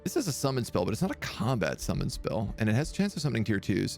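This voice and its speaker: A man's voice: fairly low pitch, big pitch swings, quick pace, creaky, soft background music. A man streaming a strategy game, chatting casually and reading game text aloud. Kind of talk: live gameplay commentary.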